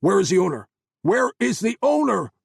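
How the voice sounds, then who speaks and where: A man's voice: a little high, fast, creaky, husky, no room sound, studio quality, voice pushed up. A man voicing an angry special forces team leader who barks orders and questions. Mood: interrogating. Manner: barking orders, shouting.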